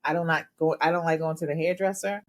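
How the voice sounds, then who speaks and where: A middle-aged woman co-hosting a podcast with a notably low voice. She talks in a measured, reflective manner and speaks candidly about her own habits. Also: fairly even intonation, a little hiss or hum. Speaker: podcast co-host. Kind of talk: casual chat.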